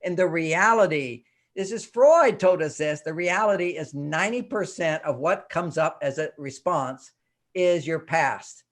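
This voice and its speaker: Animated older man explaining with mini scenes. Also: on the high side, unhurried. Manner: animated storyteller, acts out little scenes. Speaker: relationship counselor and author, guest. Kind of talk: interview, explaining techniques.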